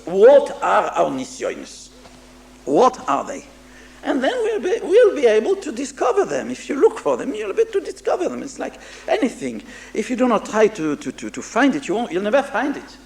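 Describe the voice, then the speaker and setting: A man, a rabbi, giving a moral sermon in English mixed with Hebrew terms, pausing and repeating words as he goes. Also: high-pitched, vocal fry, darkish tone. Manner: halting, repeats words, mixes Hebrew terms into English, asks listeners "understand?". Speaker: rabbi giving a Musar talk.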